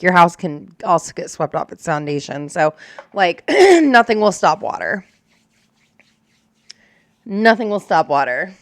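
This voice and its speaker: A woman's voice: mid-range voice, a bit bright, smooth, no room sound, studio quality. A young adult woman who is a storm chaser, talking candidly and emotionally in a casual reaction chat, swearing and using lots of fillers.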